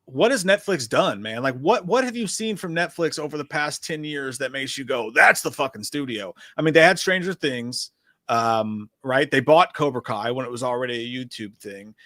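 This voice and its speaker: A man co-hosting a casual livestream discussion, talking in an animated, profane, rambling way as he reads through a list. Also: mid-range voice, moderate pace, no room sound, clean studio sound. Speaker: podcast co-host.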